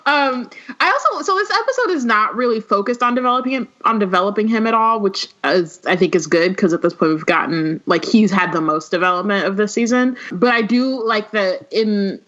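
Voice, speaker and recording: A woman's voice: mid-range voice, moderate pace, fairly bright tone. A woman co-hosting a podcast in casual chat, thoughtful and brief. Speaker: podcast co-host. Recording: muffled lo-fi audio.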